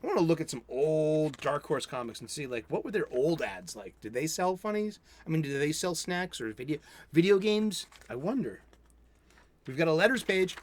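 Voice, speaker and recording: A man's voice: on the high side, animated, moderate pace, a little mellow. A man, hosting a casual solo comics review stream and rambling enthusiastically with many self-interruptions. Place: home studio.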